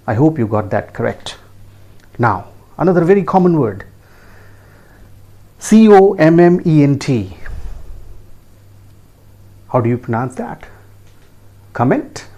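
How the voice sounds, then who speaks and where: A man's voice: medium pitch, darkish tone. A man with an Indian English accent teaching pronunciation, spelling words letter by letter and checking in with rising questions. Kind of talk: pronunciation lesson.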